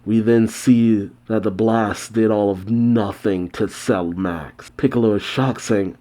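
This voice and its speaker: A man's voice: lowish voice, slow, hardly any pauses. A man recapping a comic chapter scene by scene with casual asides of his own. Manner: steady storytelling narration with casual asides. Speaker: manga reaction host. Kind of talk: manga chapter recap and commentary.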